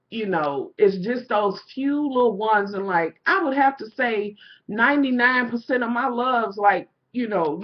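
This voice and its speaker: Middle-aged woman, casual vlog rant, blunt and profane, dull lo-fi audio. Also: a little high. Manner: candid, profane, full of "you know". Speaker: vlogger.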